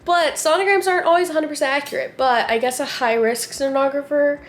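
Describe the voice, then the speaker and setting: Bubbly chatty young woman, high voice. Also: fairly even intonation, brisk, roomy sound, slight background noise. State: pregnant, getting over a cold. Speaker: vlogger. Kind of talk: casual vlog chat.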